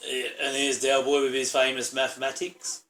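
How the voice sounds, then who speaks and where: A man's voice: medium pitch, monotone, normal speed, fairly bright tone. Chatty man reacting in an echoey room. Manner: chatty, rambling, full of asides and fillers. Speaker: channel host reviewing a TV episode. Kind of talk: casual reaction commentary.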